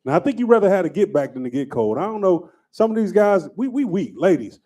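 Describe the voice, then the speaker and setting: A man hosting a stand-up comedy show, doing crowd work and joking loudly between acts. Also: high-pitched, very animated, quick pace. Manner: loud, laughing, banters with the crowd.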